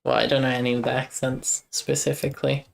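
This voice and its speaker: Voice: medium pitch, level tone, brisk, vocal fry. A young adult, live-streaming game development and chatting casually with viewers while thinking aloud over code.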